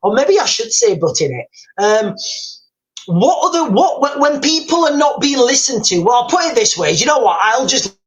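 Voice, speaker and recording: A man's voice: very high-pitched, big pitch swings, moderate pace, low-quality recording. A man hosting a live stream, talking casually, rambling and repeating himself as he reads out viewer comments.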